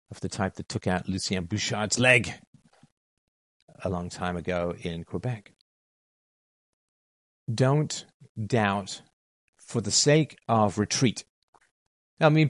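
A philosophy talk host, a middle-aged man, speaks to listeners at length, stressing and repeating his central phrases. His pitch is fairly low. There is no echo, and the audio is studio quality.

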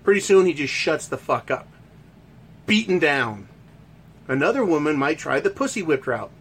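High-pitched man, heated profane monologue, crude and mocking. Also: big pitch swings, moderate pace, fairly bright tone, slightly rough. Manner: crude, heated, swearing constantly, mocking others in put-on voices. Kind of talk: profane opinion rant.

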